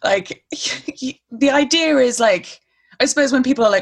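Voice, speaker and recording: A woman's voice: fairly high pitch, normal speed. Woman musing aloud as interviewer. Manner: musing, tentative, thinks aloud with "I suppose". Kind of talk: casual conversational interview.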